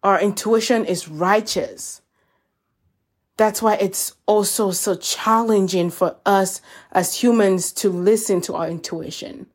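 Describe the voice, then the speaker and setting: A woman hosting a self-help podcast, talking in a gentle, encouraging way and calling her listeners y'all. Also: medium pitch, slow. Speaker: podcast host. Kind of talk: reflective self-help talk.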